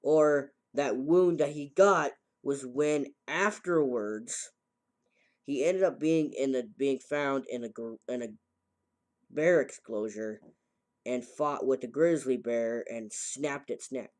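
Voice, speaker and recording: A man's voice: medium pitch, slow pace. A man casually recapping a story's plot, rambling and correcting himself as he goes. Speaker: game reviewer. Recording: very echoey, voice far from mic.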